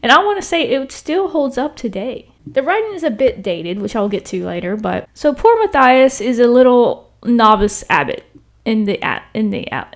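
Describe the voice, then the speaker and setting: A woman's voice: on the high side, very animated, normal speed. A young woman casually talking about a book to camera from a small bedroom, chatty and rambling, with many asides to the viewer. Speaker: book channel host.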